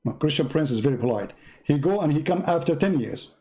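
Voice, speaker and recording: A man's voice: fairly high pitch, animated, fairly quick, loud music behind the voice. Sarcastic man with an Arabic accent. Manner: sarcastic, broken grammar, repetitive counting. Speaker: host. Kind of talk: mocking religious commentary.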